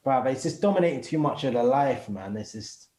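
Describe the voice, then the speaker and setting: A man appearing as a podcast guest chats casually in heavy street slang, animatedly telling stories and acting out other people's voices. His voice is medium-pitched and fairly quick, recorded roughly in an echoey room.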